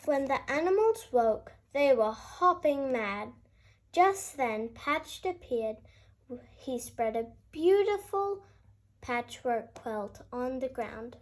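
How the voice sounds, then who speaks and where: A woman narrating a children's bedtime story with a gentle, expressive delivery. Her high voice rises and falls a great deal, and she reads slowly and calmly. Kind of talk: bedtime story read-aloud.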